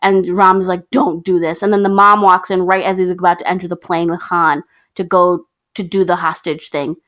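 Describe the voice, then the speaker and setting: A young woman co-hosts a podcast, walking through a film's plot in a casual, chatty way. She talks in a lively voice and acts out what each character says, slipping into their lines as she tells it. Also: fairly low pitch, moderate pace. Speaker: podcast co-host. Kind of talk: casual movie recap chat.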